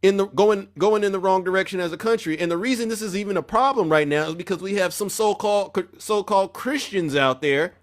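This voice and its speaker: A man's voice: high-pitched, brisk, hardly any pauses. A man hosting a live stream with a confrontational, preachy manner, calling out viewers in chat. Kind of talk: heated political live stream rant.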